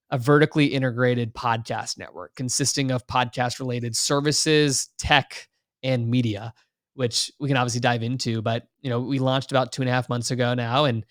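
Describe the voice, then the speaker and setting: A man's voice: mid-range voice, fairly bright tone, no room sound. A young man in his twenties talks with eager energy as a podcast guest. He rambles in long sentences full of "like" and "you know". The recording is dry and close. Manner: enthusiastic, long-winded, heavy on "like" and "you know". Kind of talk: casual interview talk.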